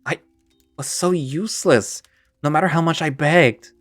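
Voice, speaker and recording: A man's voice: medium pitch, expressive, moderate pace, no room sound, natural voice. A tearful grown man, loyal and heartbroken, his voice trembling and splintering with each word, as a male narrator puts him on. It comes through dry and close, with faint music in the background. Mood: sobbing. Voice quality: shaky, cracking voice. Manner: pleading, choked-up. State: crying. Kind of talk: one-man audio drama.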